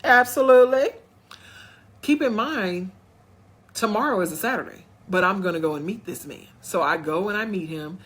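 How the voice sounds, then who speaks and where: Her voice is on the low side, fairly bright and slightly rough, moving at a quick pace with few pauses. This vlogger tells a personal story straight to viewers at home, a casual storytime where she acts out what others said in quotes.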